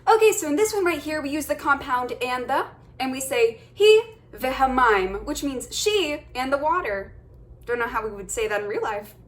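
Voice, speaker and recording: Young woman, high voice, chill upbeat teacher vibe, hyping up her viewers. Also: animated, moderate pace. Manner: upbeat, encouraging, addresses viewers as guys. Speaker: language teacher. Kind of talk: casual video lesson.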